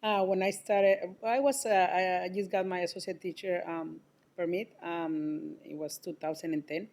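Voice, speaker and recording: A woman's voice: lowish voice, steady tone, moderate pace, a little mellow. A woman preschool teacher on a panel, telling a story hesitantly with many ums and easy laughter. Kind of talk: casual anecdote on a panel.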